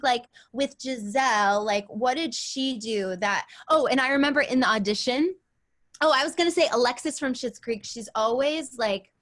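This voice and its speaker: A woman teaching an acting class in a chatty, animated way, acting out lines as she explains. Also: high voice. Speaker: acting coach.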